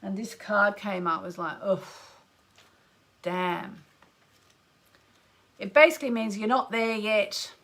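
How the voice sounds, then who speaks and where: A middle-aged Australian woman hosts a live astrology show in a lively, chatty way. She talks through oracle card readings and greets her listeners warmly by name. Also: medium pitch, normal speed, few pauses.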